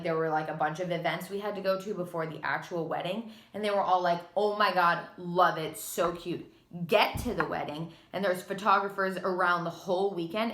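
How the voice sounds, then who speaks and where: A woman's voice: mid-range voice, fairly bright tone. A young pregnant woman in her twenties, out of breath, ranting in a dramatic, sarcastic casual vlog. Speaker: vlogger. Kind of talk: candid casual vlog rant. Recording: echoey room.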